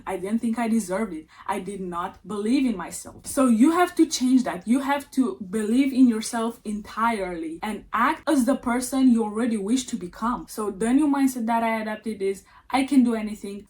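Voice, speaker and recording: Young woman vlogging, kinda high voice, earnest pep talk, lots of "like". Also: darkish tone. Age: young adult. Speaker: lifestyle vlogger. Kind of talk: motivational storytelling to camera.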